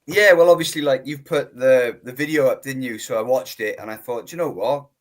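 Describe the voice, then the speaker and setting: A man with a strong South Wales valleys accent calls in to a fan show. He talks easily and at length, with a voice of ordinary pitch, and keeps filling his sentences with "like" as he rambles along. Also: a little fast. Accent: South Wales valleys Welsh. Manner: easygoing, rambling, lots of "like". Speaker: caller. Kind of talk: casual call-in chat.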